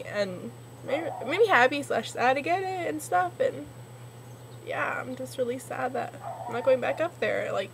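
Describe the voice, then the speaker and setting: A woman's voice: fairly high pitch, slight background noise. A young woman from Northern California talking to her computer webcam, rambling and emotional, full of fillers. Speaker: vlogger. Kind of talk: casual webcam vlog.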